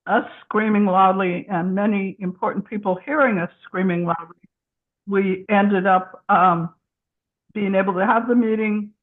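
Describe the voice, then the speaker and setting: A woman chairing a community group, giving a candid, chatty update while eating her dinner. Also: mid-range voice. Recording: tinny phone-like line.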